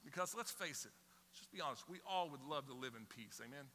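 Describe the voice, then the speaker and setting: A middle-aged man preaching a sermon to his church, conversational and animated, acting out little scenes as he goes. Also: on the high side, fast talker, in a large hall. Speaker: pastor. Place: church sanctuary with congregation.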